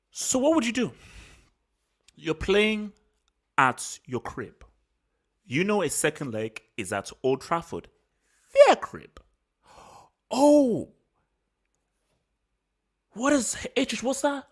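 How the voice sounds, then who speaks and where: A football channel host giving a heated solo post-match reaction, slangy, self-assured and repeating phrases for emphasis. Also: mid-range voice. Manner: worked up and angry.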